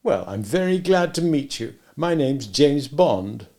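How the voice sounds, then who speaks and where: A man's voice: mid-range voice, very animated, measured pace, mellow, voice pushed up. A man voicing a confident, sarcastic male spy with a cool, bantering manner.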